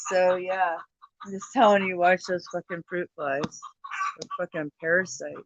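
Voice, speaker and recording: A woman's voice: fairly low pitch, steady tone, moderate pace, no echo, dull audio. A woman hosting a casual livestream chat. She sounds tired, swears often and laughs easily. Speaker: livestream host.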